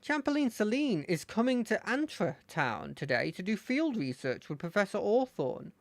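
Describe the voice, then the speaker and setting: A streamer voicing an excitable, eager young male rival in a video game, gushing and breathless. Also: mid-range voice, normal speed, no room sound, voice pushed up.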